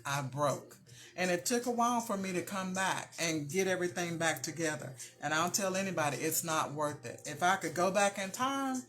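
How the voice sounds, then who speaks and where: A woman's voice: lowish voice, a bit bright. A middle-aged woman hosting a motivational talk, speaking earnestly and directly to her viewers, repeating her key points and often calling them "you guys.". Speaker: host.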